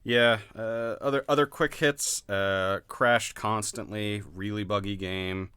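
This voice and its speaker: A man co-hosting a podcast in casual chat, blunt and quick to laugh. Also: fairly low pitch, fairly even intonation, bright, forceful tone, clean tone, no echo. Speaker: podcast co-host.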